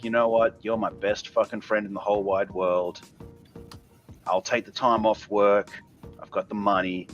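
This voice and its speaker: On a lo-fi recording, a tipsy Australian man with a lowish voice tells a long story as a guest. His casual storytelling is crude, rambling, and heavily profane.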